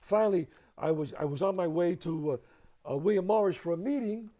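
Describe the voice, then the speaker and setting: A man with a New York accent telling animated, profane stories as a guest at a home, acting out the other people in them. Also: high voice, brisk. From the Bronx, New York. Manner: emphatic, profane, acts out other people's lines. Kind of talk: animated storytelling.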